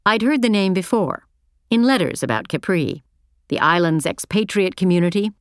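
A woman reading a first-person novel aloud as an audiobook narrator, in a measured, reflective way. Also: lowish voice, lively intonation, clean tone, dry recording, studio quality.

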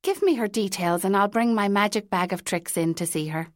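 A woman voicing a witty young woman who runs a hairdressing salon and talks in a teasing, brisk way. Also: medium pitch, no room sound, clean studio sound, close to an everyday voice. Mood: wry.

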